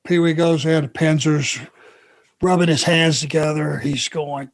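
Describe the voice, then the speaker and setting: A man spins a story on a podcast at a leisurely, stretched-out pace. His voice sits a touch higher than most men's. He lets each detail hang before moving on. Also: fairly even intonation, gravelly. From Georgia, USA. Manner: unhurried, drawn-out anecdotal telling. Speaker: podcast co-host. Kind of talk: casual storytelling chat.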